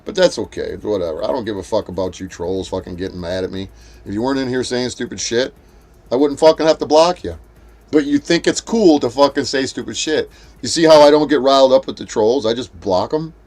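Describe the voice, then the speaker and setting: A man's voice: mid-range voice, a little fast, a little mellow. A man hosting a live stream, ranting at a rival and at trolls in a profane, confrontational, mocking way while greeting his chat. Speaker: livestream host.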